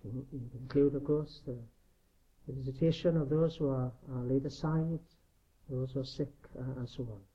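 A man's voice: mid-range voice, fairly even intonation, moderate pace, dark tone. A man preaching a sermon in an earnest, emphatic way, often asking rhetorical questions. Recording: dull lo-fi recording.

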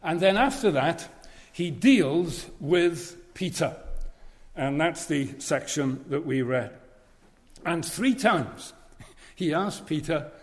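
A man's voice: on the high side, lively intonation, takes it slowly. A man preaching a sermon in a church, earnest and leaning on repeated phrases. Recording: long reverb of a large hall.

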